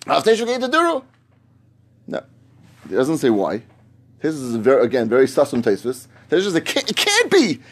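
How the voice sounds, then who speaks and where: Man giving a lively, emphatic Talmud lesson. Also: sits high. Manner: emphatic, repeats phrases while reasoning aloud. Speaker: Talmud teacher. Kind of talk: Talmud study lecture.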